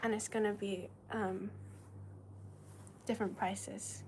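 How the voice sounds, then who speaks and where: A woman's voice: mid-range voice, level tone, takes it slowly, a little mellow, a little hiss or hum. A woman whose first language is Chinese, hosting a casual livestream and reading viewer comments in a giggly, hesitant way. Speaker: livestream host.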